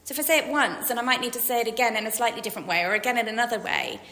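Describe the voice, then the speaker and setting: A woman's voice: fairly high pitch, racing, sharp tone. A woman in her forties giving a chatty, self-deprecating sermon, acting out quotes. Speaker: preacher. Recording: hall reverb.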